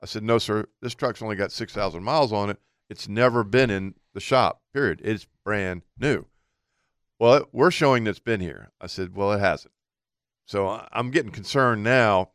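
A man's voice: on the low side, moderate pace, dry recording, clean studio sound. A man co-hosting a radio talk show, telling a long story in a casual way and acting out what people said. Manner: animated anecdote teller acting out quotes.

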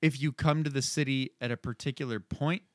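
A man's voice: medium pitch, fairly even intonation, fairly quick, no room sound, clean studio sound. A man co-hosting a casual chat, throwing in jokey asides and wisecracks. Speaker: podcast co-host.

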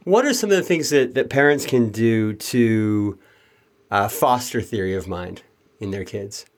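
A man's voice: fairly low pitch, expressive, measured pace. Reassuring male interview host. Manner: reassuring, asks questions. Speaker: podcast host and parent. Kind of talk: casual interview chat.

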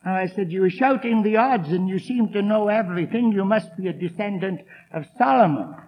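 A man with a very high voice preaches to a congregation, driving his points home with emphatic force. He tells stories from the pulpit and acts out the people in them. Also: a little fast, dull audio, a little hiss or hum. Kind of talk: evangelistic sermon with storytelling.

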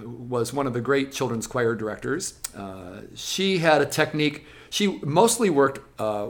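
In an interview, a music teacher with a medium-pitched voice explains classroom methods in a lively way, now and then acting out voices from the classroom.

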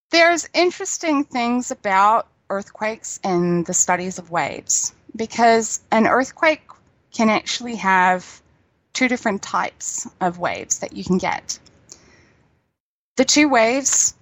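A woman's voice: medium pitch, a bit bright, no room sound. A middle-aged woman, chatting as a guest, telling stories and laughing easily. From New Zealand. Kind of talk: casual chat.

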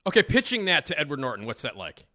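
A man's voice: fairly high pitch, huge pitch swings, fast talker, sharp tone. A man hosting a podcast interview, asking enthusiastic, chatty questions. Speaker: podcast host.

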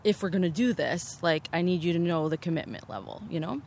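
A woman's voice: lowish voice, fairly quick, darkish tone, slight background noise. A woman choreographer chatting in an interview outdoors, upbeat and full of "like" fillers. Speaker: choreographer and assistant director. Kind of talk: casual interview chat. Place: open-air theatre venue, outdoors.

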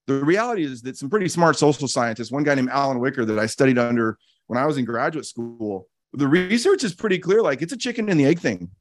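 A man's voice: medium pitch, animated, fast, hardly any pauses, dry recording. A man giving a reflective teaching talk as a podcast host, earnest and repeating key phrases for emphasis, with casual restarts. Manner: frequent restarts and casual fillers.

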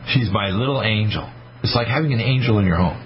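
A lowish male voice moves at a quick pace. The speaker, in his sixties, hosts a radio talk show, recounting stories with emphasis and voicing the people he quotes. Faint noise and a slight muffling mark the broadcast.

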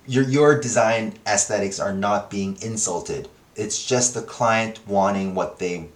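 A man's voice: lowish voice, a little slow. A man hosting a podcast in a casual, rambling monologue, swearing freely and correcting himself as he goes. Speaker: podcast host. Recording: echoey room.

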